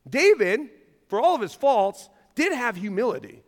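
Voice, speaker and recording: A man preaching a sermon as pastor, animated and self-deprecating, joking and laughing with his congregation. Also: very high-pitched, normal speed. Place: large church hall. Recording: long hall reverb.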